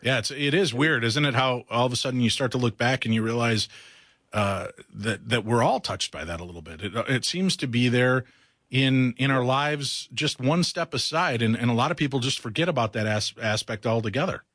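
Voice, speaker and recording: A man's voice: mid-range voice, brisk, fairly bright tone, no echo, clean studio sound. A man hosting a late-night radio talk show, chatty and jokey as he takes callers and runs promos. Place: radio studio.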